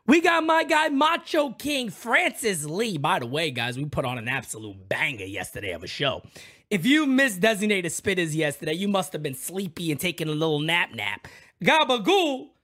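A young man hosting a loud, excitable live reaction stream, shouting out names from the chat. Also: sits high, normal speed.

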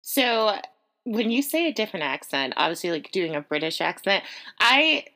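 Woman podcast host, bright voice, giggly and rambling interviewer. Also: medium pitch, very animated, normal speed. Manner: giggly, rambling questions with many likes. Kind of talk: casual interview chat.

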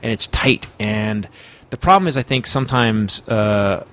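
A man who is a comedian guest on a podcast, telling stories in a lively, profane way. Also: fairly low pitch, measured pace. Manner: animated, profane storytelling. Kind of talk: casual podcast conversation.

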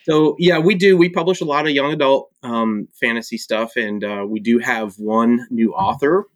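A man from Michigan, an author and publisher, chatting casually as a podcast guest and laughing at himself between halting fillers. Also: medium pitch, no room sound. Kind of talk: casual conversation.

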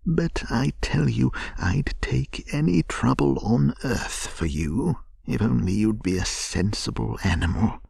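Man playing a hearty male water rat, brisk, scolding, husky, dry close sound, storybook. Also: medium pitch, lively intonation, a little mellow, no room sound, pitched above the performer's own voice, exaggerated voice. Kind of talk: gentle bedtime story reading.

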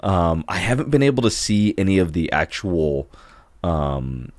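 A man with a fairly low voice chats casually as a podcast co-host. He rambles and stacks up fillers as he goes. The sound is close and dry, with no room echo. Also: sing-song, unhurried, a little mellow. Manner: rambling, heavy on fillers like "like" and "you know". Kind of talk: casual chat.

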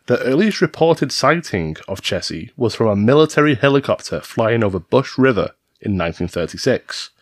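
A man's voice: medium pitch, very animated, moderate pace, few pauses, no room sound, studio quality. A man hosting a podcast, reading urban legends from a script in a teasing, storytelling manner. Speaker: podcast host. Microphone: studio mic.

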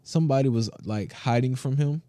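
A man co-hosting a podcast in casual chat, telling stories in an animated, slangy way with lots of fillers, speaking close to the mic. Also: mid-range voice, a little fast, no echo. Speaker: podcast co-host.

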